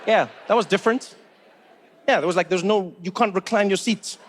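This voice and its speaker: A man from Africa, telling stand-up stories with animated disbelief. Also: high-pitched, a little fast. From South Africa. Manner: animated, incredulous storytelling. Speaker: stand-up comedian. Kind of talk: stand-up comedy.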